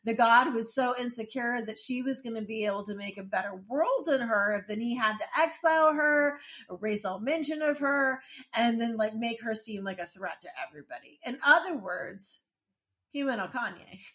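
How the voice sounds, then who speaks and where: A woman's voice: a little high, normal speed, a bit bright. A woman co-hosting a podcast, chatting casually about a TV episode, often trailing off and restarting her sentences. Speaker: podcast co-host. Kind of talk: casual chat recapping a TV episode.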